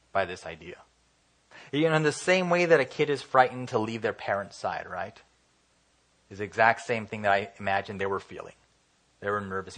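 A man's voice: on the low side, fairly bright tone. A man preaching a casual, conversational sermon, often acting out what people say and filling his talk with "you know". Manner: conversational, acts out quoted voices, many fillers.

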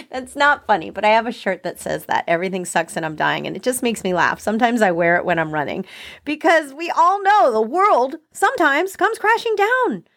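A woman hosting a podcast on anxiety, talking casually and acting out short everyday exchanges in her own voice. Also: medium pitch. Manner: chatty, lively, acts out little quoted exchanges. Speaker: podcast host. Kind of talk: casual self-help podcast talk.

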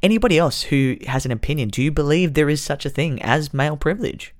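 A man's voice: a little high, fast. A young man, co-hosting a casual podcast chat and telling stories from his own life in an earnest way. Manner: animated, earnest storytelling. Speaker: podcast co-host.

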